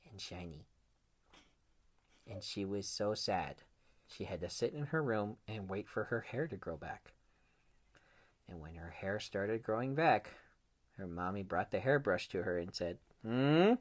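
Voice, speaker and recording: A man's voice: fairly low pitch, animated, unhurried, pauses often. A man telling a children's story in a playful, theatrical way, a dad reading to his kids. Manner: playful, theatrical, drops to whispers.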